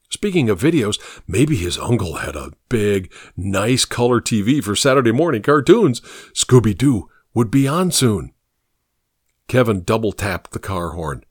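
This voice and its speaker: A man narrating an audiobook with lively, expressive storytelling. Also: on the low side, dry recording, clean studio sound.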